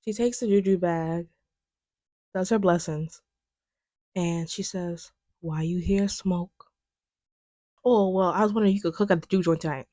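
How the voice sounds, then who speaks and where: Woman, young adult, animated casual film chat, filler-heavy, mid pitch, dry close mic. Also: normal speed, pauses often, no room sound. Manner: animated, chatty, lots of fillers. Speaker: video essayist.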